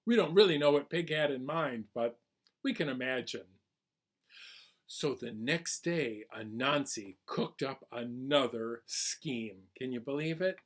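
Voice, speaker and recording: A man reading a folk tale aloud at a children's storytime, animated and asking listeners questions. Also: medium pitch, slow.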